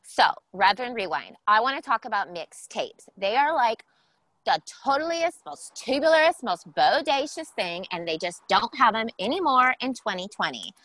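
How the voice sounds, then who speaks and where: A woman's voice: fairly high pitch, sing-song, normal speed, fairly bright tone, no echo. A woman playing a bubbly 1980s valley girl guest on an improvised comedy podcast, gushing in slang.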